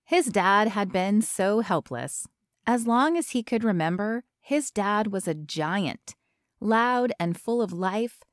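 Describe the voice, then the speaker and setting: A woman's voice: medium pitch, animated, takes it slowly, dry recording. Woman narrating an audiobook, dry sound.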